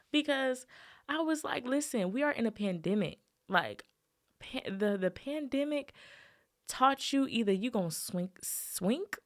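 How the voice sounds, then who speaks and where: A woman's voice: mid-range voice, gravelly. A young adult woman hosting a solo podcast, talking casually and animatedly to her listeners. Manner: chatty, animated, addresses listeners as "y'all", ranting with laughs. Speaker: podcast host.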